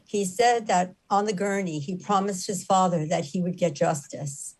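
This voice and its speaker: A middle-aged woman with a slightly low voice tells a story with earnest conviction. She leans on repeated phrases to drive her points home, building intensity as she speaks. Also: moderate pace. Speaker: activist speaker. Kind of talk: impassioned storytelling talk.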